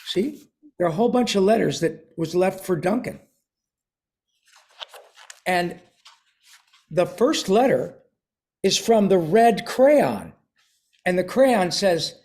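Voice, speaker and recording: An older man, a voice actor, chatting and reading a picture book aloud to a class of children over a video call, clearing his throat now and then. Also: high voice, very animated, slow, pauses often, darkish tone.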